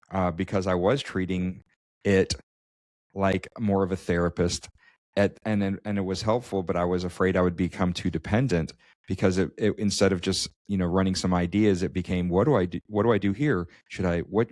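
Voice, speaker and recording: A man's voice: deep voice, a little mellow, no room sound, clean studio sound. A man co-hosting a podcast, telling a personal story in casual chat with many restarts and stammers. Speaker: podcast co-host.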